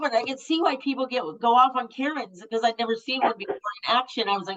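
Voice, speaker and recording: A woman's voice: high-pitched, fast, fairly bright tone. Blunt woman in her fifties, a guest telling stories, swears a lot, muffled lo-fi sound. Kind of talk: candid storytelling. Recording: muffled lo-fi audio.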